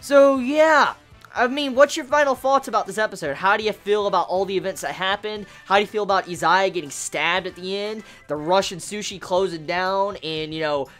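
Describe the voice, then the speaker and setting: A woman casually reviewing an anime episode, excitable and foul-mouthed, her pitch jumping up when she gets worked up. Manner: excitable, swears, with big jumps in pitch.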